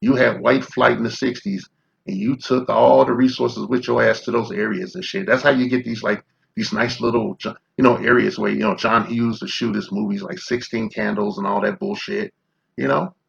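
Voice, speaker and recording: A man's voice: mid-range voice, moderate pace, gravelly, muffled recording. A man in his fifties from Chicago, ranting in confrontational, profane commentary full of rhetorical questions. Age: 50s. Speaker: commentary vlogger.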